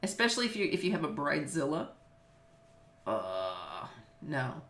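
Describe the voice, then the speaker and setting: In an echoey room, a middle-aged Los Angeles woman who teaches business law chats casually on a video call, laughing easily and using plenty of fillers. She's from Los Angeles, United States. Her low, slightly bright voice swings hugely in pitch at a moderate pace.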